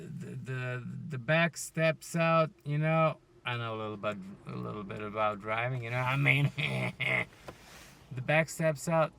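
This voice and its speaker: A man hosting a casual solo podcast, ranting, joking and swearing, with loud outbursts. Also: mid-range voice, vocal fry. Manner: swearing, joking and heckling the listeners. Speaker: podcast host.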